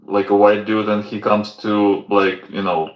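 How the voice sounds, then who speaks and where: A man telling a story haltingly, with many fillers, in casual podcast chat. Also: on the low side, flat delivery, roomy sound, faint music behind, poor audio.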